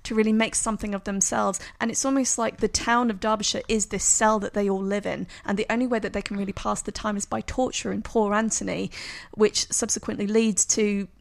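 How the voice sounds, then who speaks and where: A woman's voice: mid-range voice, flat delivery, brisk, gravelly. A woman co-hosting a podcast, earnestly talking through a film in casual chat. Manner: analytical, earnest. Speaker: podcast co-host.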